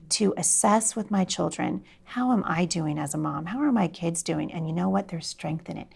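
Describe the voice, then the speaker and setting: A middle-aged woman telling a personal story in an interview, animated and expressive, acting out voices and sinking to a soft near-whisper at tender moments. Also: on the low side, gravelly, breathy edge. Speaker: homeschooling speaker.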